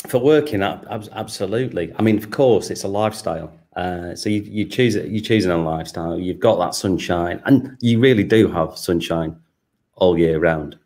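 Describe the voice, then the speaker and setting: Brief: very low British male voice, easygoing chatty interview guest. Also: normal speed, darkish tone. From Manchester, England. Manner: chatty, repeats words, laughs easily. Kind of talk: casual interview.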